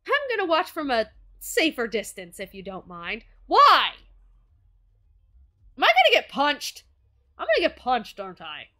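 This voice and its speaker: A young woman streaming a game, reading its dialogue aloud and reacting with excitable, profane outbursts. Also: sits high, measured pace, long pauses.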